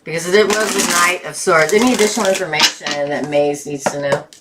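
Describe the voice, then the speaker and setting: Chatty woman tarot reader, lowish voice. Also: brisk, very noisy. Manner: chatty, laughs often, bursts of excitement. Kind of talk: live tarot reading stream.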